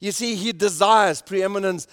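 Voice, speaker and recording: A man preaching a sermon as pastor, emphatic, swelling loud on key points and dropping to a soft, hushed tone. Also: sits high, moderate pace, smooth. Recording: long reverb in a hall.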